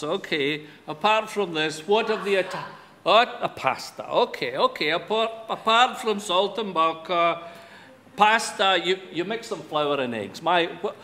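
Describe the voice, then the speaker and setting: A Scottish man with a high, fairly bright voice gives a humorous after-dinner speech into a microphone before a live audience in a large event hall. His delivery is wry and self-deprecating. The hall is reverberant, with light background noise.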